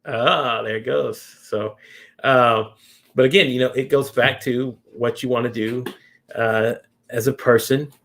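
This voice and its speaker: A man's voice: mid-range voice, fairly even intonation, measured pace, fairly bright tone. Rambling male interview host. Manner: rambling, many restarts and fillers. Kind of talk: casual interview chat.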